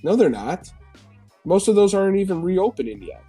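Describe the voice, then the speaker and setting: A man's voice: sits high, sing-song, moderate pace, mellow, husky, faint music behind. Sarcastic, profane man reading the news. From New York. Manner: sarcastic, profane, laughs often while reading headlines. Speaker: live-stream host. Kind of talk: casual live-stream news commentary. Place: home.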